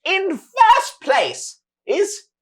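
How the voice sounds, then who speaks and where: A woman voicing an excitable male tournament announcer who shouts and draws out his words. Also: extremely high pitch, extremely slow, pitched above the performer's own voice, heavily acted. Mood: grandiose. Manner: shouting, drawn out.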